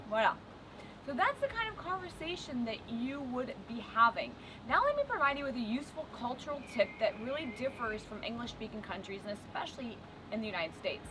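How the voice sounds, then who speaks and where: A young adult French woman with a French accent, teaching a lively video language lesson and mixing in French example phrases. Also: a little high, brisk. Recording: noticeable background noise.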